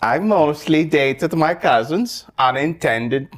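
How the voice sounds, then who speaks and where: A man's voice: fairly high pitch, expressive, slow pace, voice pushed up. A man voicing an awkward Icelandic man with a put-on Icelandic accent. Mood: sheepish.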